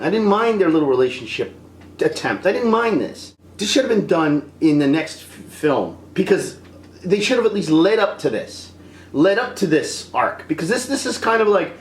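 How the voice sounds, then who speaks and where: A film reviewer ranting in an exasperated, animated way, acting out scenes as they go. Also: mid-range voice, echoey room, slight background noise.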